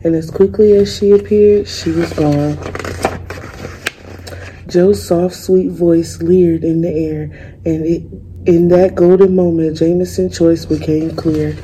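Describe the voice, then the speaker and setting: Brief: young female student, picture-book read-aloud, gentle pace, low-ish warm voice. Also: fairly even intonation, a little hiss or hum, poor audio. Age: young adult. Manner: gentle, unhurried reading with small slips.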